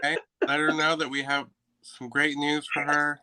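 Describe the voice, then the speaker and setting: Bright-toned playful man co-host. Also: a little high, moderate pace, smooth, dry recording, poor audio. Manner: playful, animated teasing. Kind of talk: casual chat.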